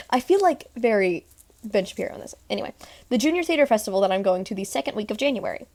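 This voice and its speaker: A woman's voice: medium pitch, expressive, fast, no echo. A woman from Texas talking casually to camera in a rambling vlog recap, full of "like" and "um". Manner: rambling, lots of "like" and "um". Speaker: vlogger.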